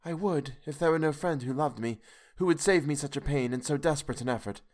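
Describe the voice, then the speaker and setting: Man doing a grieving young heroine, raised pitch, earnest and resolute, storybook reading. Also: brisk, darkish tone, natural voice. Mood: sorrowful resolve. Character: brave sorrowful young woman, resolute and gentle.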